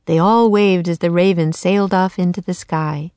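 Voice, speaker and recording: A woman narrating a children's storybook aloud in a calm, even manner. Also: lowish voice, normal speed, clear, resonant tone, no echo.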